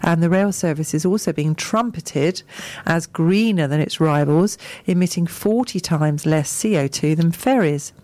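A woman's voice: sits low, measured pace, dark tone. A woman co-hosting a local business radio show, reading news items with chatty asides. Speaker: radio co-host.

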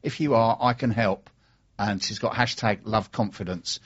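A man with a slightly husky voice hosts a casual radio talk show, chatty and jokey. The recording is a bit dull and lo-fi. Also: on the low side, moderate pace. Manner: chatty, jokey, interviewing guests.

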